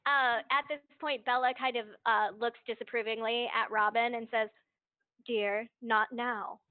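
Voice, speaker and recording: A woman's voice: on the high side, flat delivery, moderate pace, no room sound. A woman narrating a tabletop game as game master, hesitant with many fillers, heard over a dry, tinny voice call.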